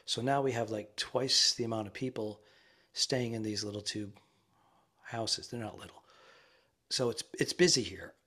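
Husky low-voiced man, rambling chat. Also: normal speed, long pauses. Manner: rambling, relaxed, trails off into murmurs. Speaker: podcast co-host. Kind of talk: casual chat. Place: quiet ensuite bedroom in a busy rental house. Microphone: remote podcast recording.

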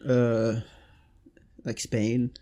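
A man's voice: medium pitch, completely flat delivery, drawn-out words, warm tone. A man co-hosting a podcast, laid-back, with short replies and casual swearing. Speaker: podcast co-host. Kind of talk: casual chat.

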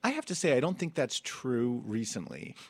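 A man's voice: mid-range voice, very animated, moderate pace, husky, no room sound. A man hosting a comedy podcast in a studio, campy and playful, laughing often as he reads listener reviews. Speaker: podcast host. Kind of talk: casual comedic chat.

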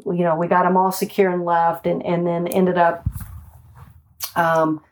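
A woman's voice: on the low side, unhurried, slight background noise. A woman, a homicide detective, telling stories from her street days in a casual, emphatic way, swearing and often asking "right?". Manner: animated, emphatic, swears, peppers speech with "right?" and "like". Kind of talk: casual storytelling in conversation.

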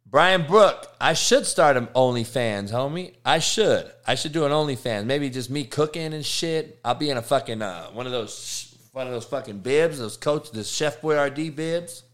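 A man's voice: medium pitch, animated, normal speed, hardly any pauses, a bit bright. A man hosting an online talk show, ranting heatedly and swearing constantly as he calls out people in his audience. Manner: foul-mouthed, heated ranting, addresses trolls directly. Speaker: show host.

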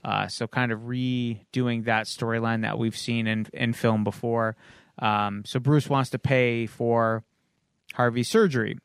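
A man's voice: medium pitch, fairly even intonation, measured pace, clear, resonant tone, dry recording, clean studio sound. A man hosting a podcast, casually recapping a comic issue in a loose, rambling way with frequent ums and uhs. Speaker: podcast host.

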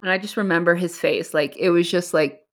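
A woman's voice: on the low side, a little fast. A woman guest who works supporting at-risk youth, telling a moving story in a heartfelt way with many fillers. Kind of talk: emotional storytelling.

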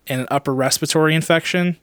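Man, podcast co-host, casual chat, self-deprecating, slightly high voice, getting over bronchitis, dry recording. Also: racing, a bit bright, smooth, no echo. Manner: chatty, self-deprecating, joking. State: recovering from bronchitis.

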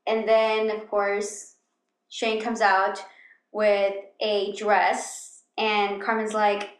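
A woman whose first language is Spanish, chatting casually as a podcast co-host, animated and full of "like" fillers. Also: very slow. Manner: animated, full of "like" fillers, jumps high when quoting. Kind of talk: casual chat. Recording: echoey room.

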